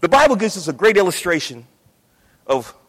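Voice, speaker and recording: A man preaches with a high, very animated, slightly bright voice and a brisk delivery. As pastor he's passionate, repeating himself and voicing the characters in his story, while a large hall adds long reverb.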